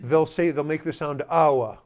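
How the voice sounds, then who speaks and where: A man's voice: on the high side, darkish tone. Man teaching a language class. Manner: explanatory, conversational, repeats Chaldean words slowly. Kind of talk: classroom lesson.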